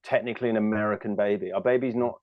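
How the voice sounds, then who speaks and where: Low-voiced British man, chatty. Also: fairly even intonation, racing, no room sound, narrow, tinny audio. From United Kingdom. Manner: chatty and self-deprecating, many fillers and restarts. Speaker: comedian guest. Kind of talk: casual interview chat.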